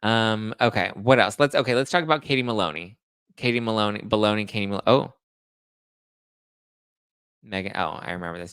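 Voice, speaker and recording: A man hosting a pop culture live stream, chatting casually with his viewers and tossing out sarcastic asides. His voice sits fairly low with a gravelly, fry-heavy edge. The sound is dry and close. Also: brisk, long pauses, fairly bright tone, no room sound. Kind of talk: casual live-chat commentary.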